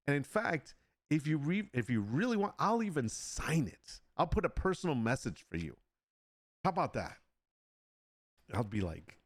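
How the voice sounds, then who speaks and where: A man with a middle-pitched, very lively and swooping voice, recorded close and dry with no room sound or echo, hosts a live stream. The digital artist chats casually with his audience, laughing a lot and teasing them with mock sales pitches.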